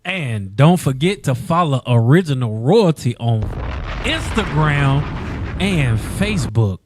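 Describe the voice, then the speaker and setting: A man co-hosting a talk show, plugging merchandise in a hyped, lively way. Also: mid-range voice, slow pace. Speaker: co-host.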